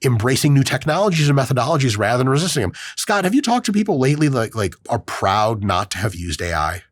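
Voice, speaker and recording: Animated, profane man hosting a podcast. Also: medium pitch, fast, no echo. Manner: profane, animated, acts out quoted voices. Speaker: podcast host. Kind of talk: casual chat.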